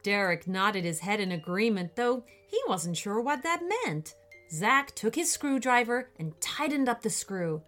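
A woman reading a children's bedtime story slowly and expressively. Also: medium pitch, animated, a bit bright, faint music behind.

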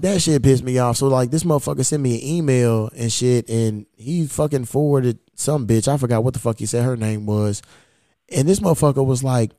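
Here a podcast host, a man with a medium-pitched voice, chats casually through a story, dropping frequent swear words and dramatizing the conversations he recounts. The sound is studio quality, free of echo.

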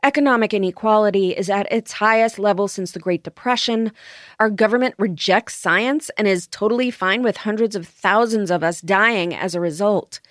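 A woman's voice: mid-range voice, normal speed, dry recording, studio quality. A woman hosting a podcast, delivering a scripted monologue in an impassioned, emphatic way. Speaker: podcast host.

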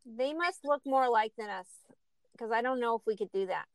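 Curious woman podcast co-host, higher voice. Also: a little fast, dry recording. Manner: curious, asks questions, teasing. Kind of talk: casual chat.

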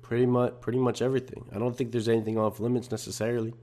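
A young man with a medium-pitched voice hosts his own podcast alone. He chats loosely and easily in slang, calling listeners bro and man. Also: level tone, racing, warm tone. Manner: laid-back slangy talk, bro and man. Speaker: podcast host. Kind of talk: casual solo podcast chat.

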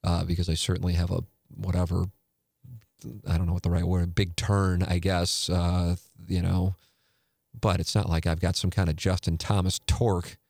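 Host, 40s, male: low gravel, rambling and blunt, casual chat. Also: flat delivery, moderate pace, a little mellow, no echo, studio quality. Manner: rambling, self-interrupting, candid and profane. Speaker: podcast host.

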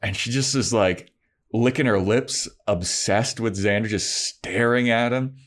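Speaking on the low side and without hurry, a young man co-hosting a podcast gives a casual, animated recap of an episode, performing the characters' lines himself.

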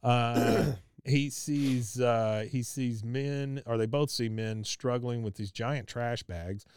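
A man's voice: medium pitch, slow, a little mellow, clean tone, no room sound, clean studio sound. Chatty man recapping a cartoon. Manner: chatty, laughs often, many fillers. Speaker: podcast host. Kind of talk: casual episode recap.

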